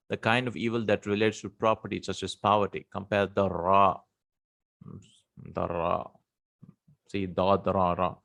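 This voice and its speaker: A man teaching Arabic vocabulary in a relaxed spoken lesson, thinking aloud with hums and repeats and reciting verses quickly. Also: fairly low pitch.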